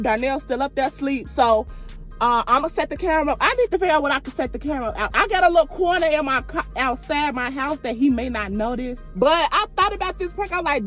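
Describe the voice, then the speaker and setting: A woman hosting a prank vlog, chatting to her viewers in a lively, slangy way. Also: high-pitched. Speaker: vlogger, prank channel host. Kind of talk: casual vlog talk to camera. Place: outdoors by a car, later.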